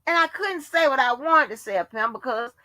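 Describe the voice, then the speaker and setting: A woman hosting her own livestream, ranting with a high, bright voice that swings widely up and down. She curses freely and fires off exasperated rhetorical questions. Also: animated, brisk, no room sound. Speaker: livestream host. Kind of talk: casual ranting monologue.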